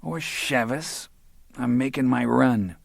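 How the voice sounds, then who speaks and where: An audiobook narrator voicing a hungover middle-aged male drinker with gruff, crude banter. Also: medium pitch, slow, no room sound, studio quality, voice pushed up, heavily acted. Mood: gruff joking.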